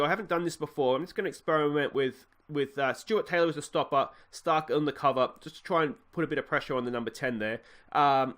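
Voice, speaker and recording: Australian man, let's play commentator, slightly high voice, relaxed and chatty. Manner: chatty, easygoing, lots of ums and uhs. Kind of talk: video game commentary.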